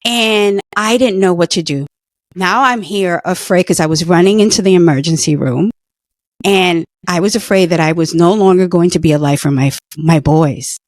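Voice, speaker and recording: A woman's voice: on the low side, normal speed, darkish tone, dry recording, clean studio sound. A middle-aged woman earnestly telling a personal story in conversation, emotional at times. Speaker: guest, former patient.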